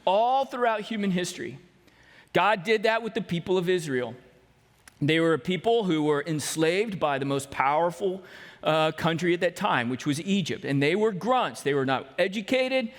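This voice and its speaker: High-voiced pastor preaching in a reverberant hall. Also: male voice, expressive, moderate pace. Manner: storytelling preacher who acts out quoted voices. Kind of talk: sermon. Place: church sanctuary.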